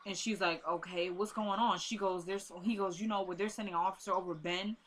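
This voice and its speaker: A woman's voice: medium pitch, fairly even intonation, fairly quick, a little hiss or hum. A young woman, chatting casually as she recaps a TV episode and retells the scenes with quoted lines and asides.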